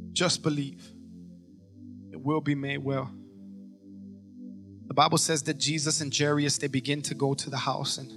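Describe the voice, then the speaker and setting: Passionate male preacher, quiet one moment and shouting the next, with a bright, piercing tone. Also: a little high. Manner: swings from soft to shouting and fervent. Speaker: pastor. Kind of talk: sermon. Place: church.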